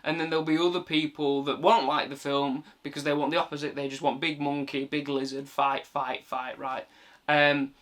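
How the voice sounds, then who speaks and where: A man talks through a film review off the cuff, chatty and loose, dropping the odd swear word. His voice sits a little high for a man, with a bright, sharp edge. He recounts the plot at length in easy, everyday speech. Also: level tone, moderate pace. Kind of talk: casual film review monologue.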